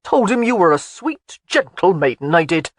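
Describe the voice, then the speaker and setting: Old Highland man, gruff and teasing, voiced by the audiobook narrator; animated delivery, dry studio sound. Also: normal speed, dry recording. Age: older. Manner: blunt, scolding, folksy. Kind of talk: audiobook character voice.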